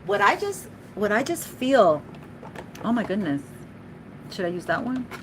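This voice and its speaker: A woman's voice: mid-range voice, sing-song, unhurried, fairly bright tone, a little hiss or hum, poor audio. Chatty emotional woman reading tarot. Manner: chatty, emotional, laughs often, speaks to spirit. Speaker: tarot reader.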